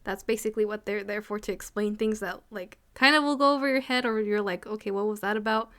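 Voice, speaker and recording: A young woman co-hosting an anime review, chatting casually and excitedly with many fillers. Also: mid-range voice, quick pace. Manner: excited, swearing, filler-heavy fan talk. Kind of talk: casual chat.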